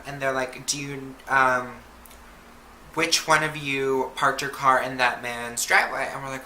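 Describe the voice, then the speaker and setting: A woman's voice: a bass voice, steady tone, a little slow, pushed and bright. A young woman telling a casual storytime on her vlog, chatty and full of "like" and swearing. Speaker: vlogger. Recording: roomy echo, faint background noise.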